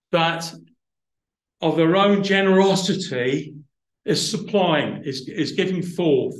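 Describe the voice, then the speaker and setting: A man's voice: on the high side, echoey room, low-quality recording. A man preaching a sermon, explaining word roots thoughtfully and building to emphatic passages.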